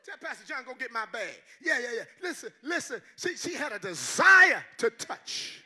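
An older man preaching a sermon as a guest pastor, shouting in call-and-response. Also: extremely high pitch, very animated, normal speed, slightly rough.

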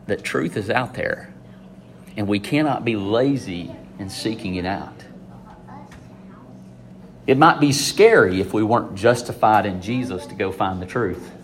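A man giving an informal, conversational sermon to students, swinging between loud emphasis and hushed asides. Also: mid-range voice, slight background noise. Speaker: preacher addressing students.

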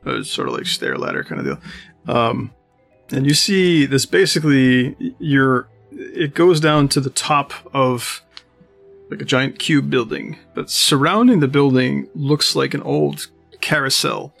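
A man's voice: medium pitch, lively intonation, unhurried, gravelly, a bit bright, faint music behind. A man narrating as game master of a tabletop game, describing scenes in a meandering way with many fillers.

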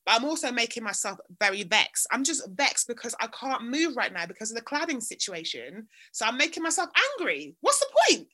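A woman co-hosting a podcast, chatty and animated, jumping up in pitch when she stresses a point. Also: fairly quick, hardly any pauses. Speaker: podcast co-host. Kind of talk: casual chat.

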